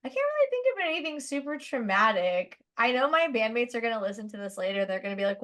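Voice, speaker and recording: A woman's voice: fairly high pitch, fairly quick. Chatty woman telling backstage stories. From Southern California. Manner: chatty, animated, lots of "like", laughs while telling stories. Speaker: guest musician. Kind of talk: casual podcast storytelling.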